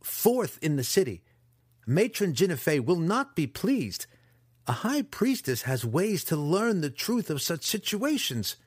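A man voicing a trapped young male dark elf student in an audiobook, indignant and pleading. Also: fairly high pitch, sing-song, unhurried, breathy edge, no room sound, studio quality, voice pushed up, full character voice. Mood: desperate. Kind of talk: audiobook character voice.

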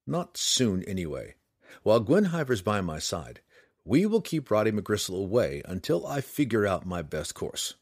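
A man voicing a weary, noble dark elf ranger, speaking low, quiet and solemn in an audiobook. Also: sing-song, dry recording, clean studio sound. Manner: low, quiet and solemn, slow measured speech. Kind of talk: audiobook character voice.

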